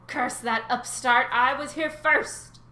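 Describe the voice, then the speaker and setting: A woman voicing a sly old male sea god who sulks and gloats, in slow, drawn-out, theatrical lines. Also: mid-range voice, lively intonation, fairly bright tone, a little hiss or hum. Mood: indignant. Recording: roomy recording.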